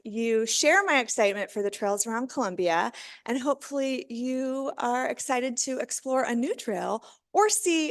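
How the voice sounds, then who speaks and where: A woman from Missouri in her thirties presents to a live audience in a chatty, upbeat way. Her voice sits a little high. She talks loosely, with fillers and frequent laughs. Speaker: author giving a talk.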